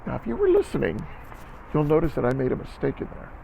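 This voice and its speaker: Coaching a band in a lesson video, a man talks at a quick pace, counting aloud and repeatedly asking "okay?". His high-leaning voice swoops wildly in pitch, with vocal fry and a dark tone. Sound quality is poor, with slight background noise.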